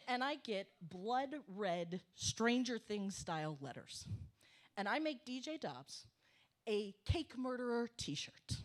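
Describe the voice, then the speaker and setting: A middle-aged woman telling a comic story on a cafe stage, animated and emphatic, swearing for punch. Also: mid-range voice. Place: small cafe stage before an audience.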